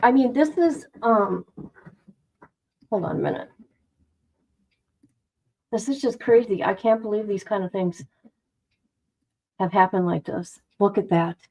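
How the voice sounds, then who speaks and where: A woman's voice: mid-range voice, a little slow, pauses often, a little mellow, poor audio. A woman hosting a casual livestream, dramatic and exclamatory, talking to herself and her chat. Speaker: livestream host. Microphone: no headphones, device mic.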